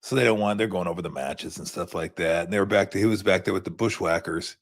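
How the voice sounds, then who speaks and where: A man's voice: deep voice, fast. A man in his fifties hosting a sports show, telling rambling stories in a laid-back, casual postgame chat.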